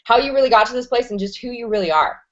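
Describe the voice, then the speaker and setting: A woman's voice: a little high, lively intonation, rapid-fire, fairly bright tone. Woman host, enthusiastic, slangy, profane, rambling, dull lo-fi video call audio. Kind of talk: energetic online interview show.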